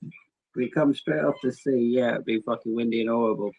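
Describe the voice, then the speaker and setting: Gravelly, husky man, offhand. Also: medium pitch, a little fast, darkish tone, poor audio. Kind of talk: casual chat.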